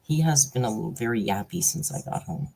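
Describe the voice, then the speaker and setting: A woman's voice: extremely low pitch, fairly quick, creaky, warm tone, slightly rough, rough recording. A woman hosting a casual live stream from home. She chats freely, laughs often and coos at her pet. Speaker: livestream host.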